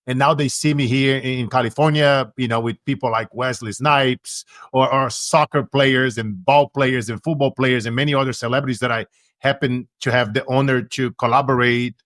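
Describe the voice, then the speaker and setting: A man's voice: medium pitch, fairly even intonation, normal speed, a bit bright, no echo, clean studio sound. A man from Brazil, hosting a podcast interview in an affirming, reflective way. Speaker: podcast host. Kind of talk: conversational interview.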